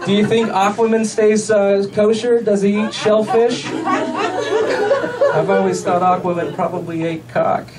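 A man doing a stand-up comedy set, delivering deadpan one-liners with pauses for laughs. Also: sits high. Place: comedy club stage with a laughing audience. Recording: distant club recording with loud crowd noise.

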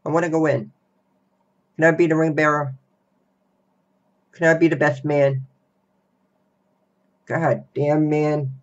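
A young man ranting slowly and repetitively in a reaction video. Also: a little high, little pitch movement. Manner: slow, repetitive, grumbling. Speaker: vlogger. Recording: dull lo-fi recording.

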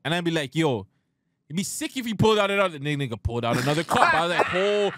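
A man co-hosting a podcast, telling a story in casual, profane chat and loudly acting out the quotes. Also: fairly high pitch, big pitch swings, fast, no room sound, studio quality. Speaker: podcast co-host.

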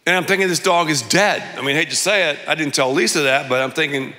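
A man preaching a sermon as pastor, telling a lively, jokey story and acting out other people's voices. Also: fairly high pitch, a little fast. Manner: animated, jokey, acts out voices. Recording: long hall reverb.

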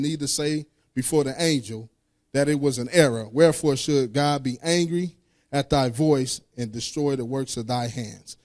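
A man's voice: medium pitch, normal speed, darkish tone. A man preaching a sermon, reading scripture aloud and breaking into sung, call-and-response lines in casual speech.

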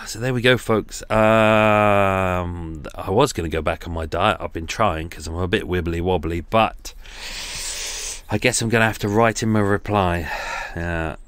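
A man's voice: sits low, measured pace, fairly bright tone, clean tone, dry recording. A man hosting a podcast, telling a rambling comic monologue full of jokey asides and sighs. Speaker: podcast host.

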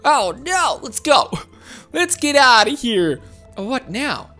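A woman giving excitable gameplay commentary, squealing, giggling and crying out in panic, with faint game music behind. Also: high voice, slow pace. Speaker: gaming video host.

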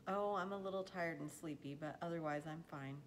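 A woman's voice: sits low, a little fast, a little hiss or hum, natural voice. A woman reading aloud as a determined young farm boy who speaks earnestly and pleadingly.

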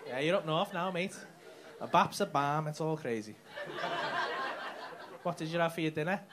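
A man's voice: on the high side, normal speed, noisy background. A man doing stand-up crowd work, teasing and mocking the audience with lots of swearing. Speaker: stand-up comedian. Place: comedy club stage. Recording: live club with audience laughter.

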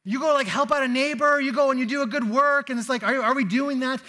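A man delivers a sermon in a church in a relaxed, conversational style. His voice sits very high and sounds bright and forceful, and he keeps slipping into stories and casual fillers. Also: fast. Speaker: pastor. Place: church sanctuary.

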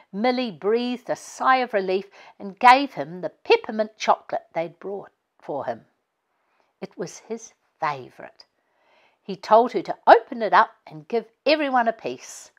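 Slow, expressive woman reading a story. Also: medium pitch. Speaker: author reading her own book. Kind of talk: children's storybook read-aloud.

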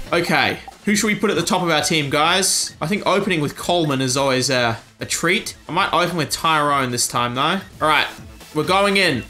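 A man's voice: on the high side, bright, forceful tone. A man giving crude, joking let's-play commentary over a video game. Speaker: YouTube gamer.

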